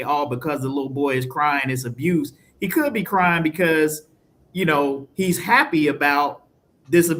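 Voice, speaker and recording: A man with a somewhat high voice holds the floor in a casual panel debate. He builds his case piece by piece. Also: a bit bright. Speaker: co-host.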